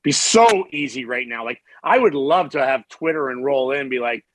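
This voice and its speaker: A middle-aged man talking on a podcast, as candid and salty as a locker room. He tells stories with lots of energy and often restarts his sentences. His pitch sits in the middle, and the sound is dry and close. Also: normal speed, hardly any pauses, no echo, low-quality recording. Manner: candid, profane, animated storyteller with frequent restarts. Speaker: podcast guest, former hockey player. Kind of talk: casual storytelling interview.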